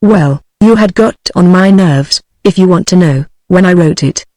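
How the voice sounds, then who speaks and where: A text-to-speech woman's voice with a British English accent, reading a novel aloud at a measured, steady pace. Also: fairly low pitch, no echo. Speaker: audiobook narrator.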